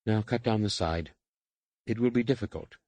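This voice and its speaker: A man voicing a stern female alien overseer in an audiobook, speaking in clipped, measured commands. His tone is low and dry. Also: darkish tone, dry recording, lightly acted. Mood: stern, instructing. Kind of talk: audiobook character reading.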